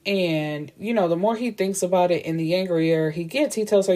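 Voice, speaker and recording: A book reviewer with a lowish, mellow voice retells a novel's plot in a casual, blunt, profane way, acting out the characters' dialogue. She talks at a normal speed with few pauses, in a chatty storytelling style.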